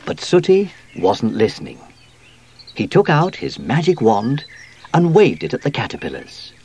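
A man reading a children's picture book aloud, unhurried and very expressive. His pitch swings widely from line to line, with faint outdoor and birdsong ambience behind him. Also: slight background noise. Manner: slow, expressive read-aloud. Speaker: audiobook narrator.

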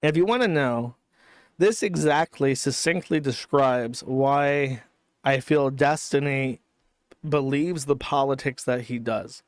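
Smooth-voiced man in a sardonic commentary stream. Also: mid-range voice, a little slow, dry recording, studio quality. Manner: casual, profane, sardonic. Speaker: streamer host.

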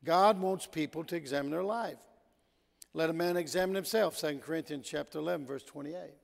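A man preaching a sermon in a church, telling stories and swinging between loud emphasis and quiet asides. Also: on the high side, a little fast, gravelly. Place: church sanctuary. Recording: long church hall reverb.

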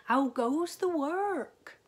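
A woman's voice: high-pitched, lively intonation, voice pushed up, full character voice. Woman putting on a lazy old farmer's call. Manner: slow, drawn-out loud call. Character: lazy old male farmer calling out from bed.

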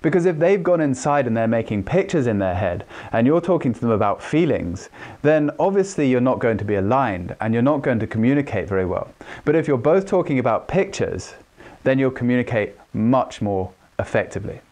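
A man explaining communication skills in a lesson, calm and measured, sometimes showing off changes in pitch and speed. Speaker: communication trainer. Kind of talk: instructional talk.

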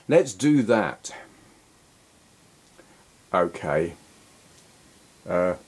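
A man's voice: on the low side, a little mellow. A man giving rambling, self-deprecating commentary while playing an old computer game. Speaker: retro gaming YouTuber. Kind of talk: casual gameplay commentary.

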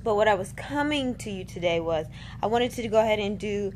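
A woman's voice: mid-range voice, expressive, a little fast, darkish tone, slight background noise. A young woman chatting casually on a phone camera at home, rambling with fillers and restarts. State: six months pregnant. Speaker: vlogger. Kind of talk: casual vlog chat. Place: at home, in a house.

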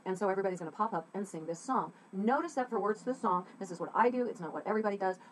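A woman's voice: medium pitch, expressive, very fast, slight background noise, poor audio. Middle-aged woman, playwright-teacher type, chatty and informal, talking through a script for a class. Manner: chatty and informal, with playful sound effects. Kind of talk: casual classroom lecture.

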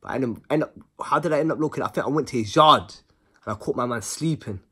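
A man telling a personal story in a casual monologue. He talks in an animated way, full of slang, and repeats words for rhythm. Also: medium pitch, fast, slightly rough.

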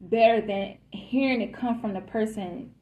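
A woman's voice: mid-range voice, normal speed, narrow, tinny audio. A woman giving a casual collective love reading, chatty and emphatic, who calls her listeners y'all and baby. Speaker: tarot reader.

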